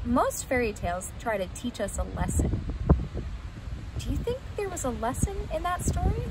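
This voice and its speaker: A woman teacher reading a fairy tale aloud to children with expressive, animated storytelling. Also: a little high. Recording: noisy, with vehicle sounds.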